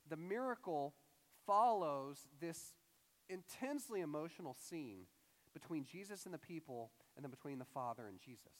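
A young man preaching a casual, conversational sermon as a pastor, animated and acting out quoted voices. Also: high-pitched, long reverb tail.

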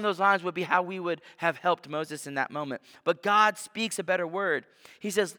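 A male pastor preaching a sermon with earnest delivery, dropping soft on key words and lifting with energy as he acts out the story. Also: normal speed, in a large hall. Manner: earnest preaching, drops low and soft on key words, rises animated when voicing Moses.

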